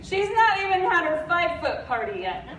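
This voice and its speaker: A high-voiced woman with a stuffy, congested sound gives a motivational stage talk at a convention at a moderate pace, blunt, fired-up, and joking with the crowd. Recorded from well back in a large echoey hall, her voice rides over a steady hum of room noise.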